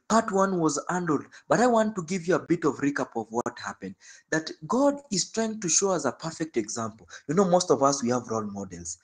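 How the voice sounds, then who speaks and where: A male preacher delivering a sermon through animated storytelling and repeating phrases for emphasis. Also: fairly high pitch.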